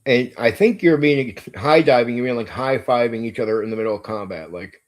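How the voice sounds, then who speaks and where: On his casual stream about running tabletop games, a game master and channel host talks in a brisk, mid-range voice. Enthusiastic and emphatic, he curses freely and repeats himself as he thinks out loud.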